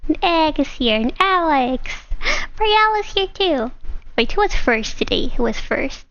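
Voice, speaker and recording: A woman streamer chatting casually with her live chat, giggly and excitable. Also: very high voice, highs cut off.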